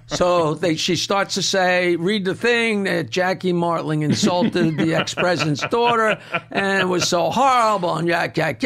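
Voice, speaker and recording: Older man with a Long Island accent, boisterous storyteller who cracks himself up; high and gravelly. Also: a bit bright. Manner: boisterous, laughs through his punchlines. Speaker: comedian guest telling a story. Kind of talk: casual storytelling.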